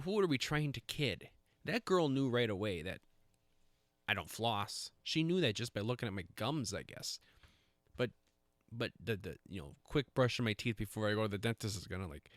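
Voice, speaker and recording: A man's voice: medium pitch, a bit bright, no echo. A man hosting a podcast, chatting casually in a rambling, self-deprecating way with lots of fillers and restarts. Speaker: podcast host. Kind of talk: casual chat.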